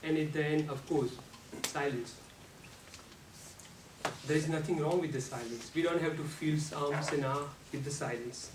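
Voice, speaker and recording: A man giving a prepared club speech on how to use the voice, speaking slowly and deliberately with non-native grammar, and now and then showing off sudden jumps in pitch and loudness. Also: fairly even intonation. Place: meeting room. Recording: echoey room, speaker far from mic, faint noise.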